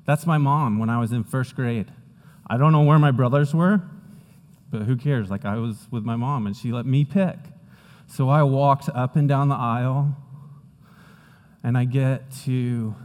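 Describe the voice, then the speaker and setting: A young adult man, a pastor, preaching and praying in a relaxed, conversational way, telling stories with lively acted-out moments. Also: mid-range voice, a little slow. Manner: conversational storytelling preacher, animated retellings. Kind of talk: sermon. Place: church hall. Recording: long hall reverb.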